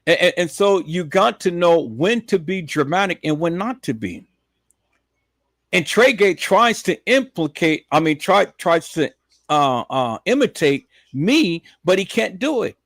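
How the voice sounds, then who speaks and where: Emphatic man streaming, swings to shouting. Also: very animated, a little slow, no echo. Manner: preachy, repetitive, addresses viewers as peoples; swings from low muttering to loud emphatic shouting. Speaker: live stream host. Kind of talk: live stream monologue.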